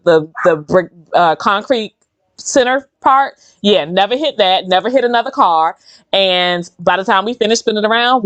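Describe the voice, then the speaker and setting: Woman host, chatty nail tutorial, dry close sound, mid pitch. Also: no echo. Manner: chatty, rambling and animated. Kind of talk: casual chat while doing her nails.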